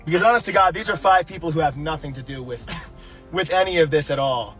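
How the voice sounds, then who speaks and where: A man's voice: on the high side, fairly quick, music in the background. A man delivering an indignant, blunt commentary rant with swearing.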